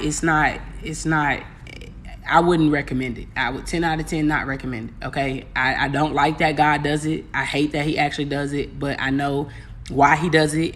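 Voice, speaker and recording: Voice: medium pitch, a bit bright. A spiritual coach in a casual, candid talk to viewers, rambling, repeating phrases and using slang.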